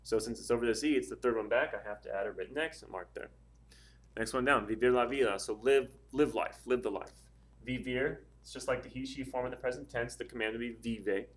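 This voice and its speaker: A man's voice: medium pitch, fairly quick. A man teaching a Spanish grammar lesson in a casual, patient way, working through examples one step at a time with frequent ums and uhs. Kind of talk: casual classroom explanation.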